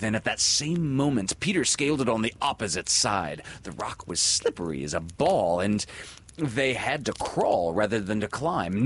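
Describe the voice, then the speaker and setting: Slow, expressive male storyteller. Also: medium pitch, breathy edge. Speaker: narrator. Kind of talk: storybook reading.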